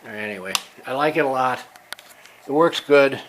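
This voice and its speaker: Brief: older man vlogging from his home workshop, slightly winded, easygoing and halting, faint background noise. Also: medium pitch. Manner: relaxed, halting with frequent fillers. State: a little out of breath. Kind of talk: casual workshop show-and-tell.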